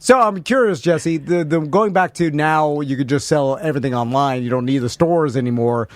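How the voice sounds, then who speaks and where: A man's voice: fairly high pitch, moderate pace, no room sound. A man hosting a podcast, asking the guest curious questions and laughing easily. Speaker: podcast host. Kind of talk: casual podcast chat.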